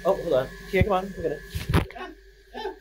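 A man's voice: sits high, huge pitch swings, brisk, background noise. A man making a casual birthday video at home, rambling, singing and coaxing his pet.

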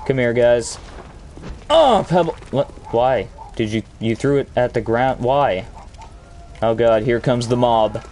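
This gaming channel host offers crude, humorous commentary over a video game, with bursts of mock outrage. He speaks at a medium pitch in a level, darkish tone and at a measured pace, with slight background noise.

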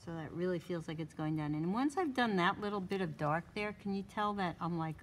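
A woman's voice: lowish voice, brisk, few pauses, a little hiss or hum. A woman instructor giving a live drawing demonstration to a small class, thinking aloud as she works and coaxing with short repeated cues.

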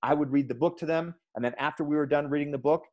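Energetic man giving a teacher training talk. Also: a little high, fast talker, dull audio. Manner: energetic, emphatic storyteller; addresses audience as "guys". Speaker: education speaker.

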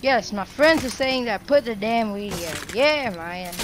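A woman hosting her gaming channel, giving gameplay commentary with excitable bursts of shouted taunts. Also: a little high, measured pace, slight background noise. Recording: loud game music over the voice. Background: loud game music and explosions.

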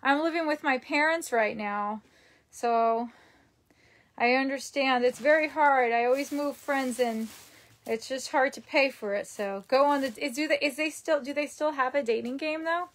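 At home, a young woman with a high, fairly bright voice chats casually on a livestream at a moderate pace. She's a vlogger answering live comments in a rambling way, with lots of ums.

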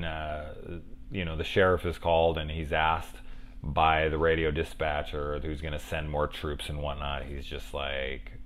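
A man's voice: a bass voice, clean tone. A middle-aged man casually reviewing a horror film, rambling into profane, chatty asides.

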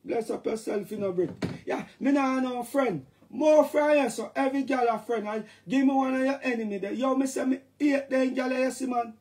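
A man with a Jamaican accent, rambling casually to his fans on a live stream and breaking into shouted catchphrases. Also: very high-pitched, a little fast, few pauses. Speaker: dancehall artist talking to fans.

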